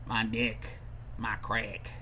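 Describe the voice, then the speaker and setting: A man comments slowly and sarcastically on a livestream, his voice bright and sharp. There is faint background noise under him. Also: fairly low pitch, flat delivery, vocal fry. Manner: sarcastic, slow, drawn-out. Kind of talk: mocking commentary over a clip.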